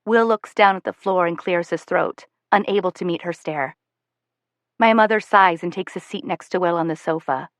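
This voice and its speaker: A woman narrating a first-person audiobook in a steady, measured way. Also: on the low side, no room sound.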